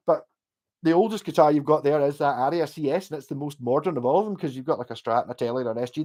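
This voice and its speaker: A Scottish man with a slightly raised voice chats through a livestream and answers viewers as he goes. He rambles, swears freely and restarts his sentences often, in a loose, casual way. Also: a little high. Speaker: livestream host.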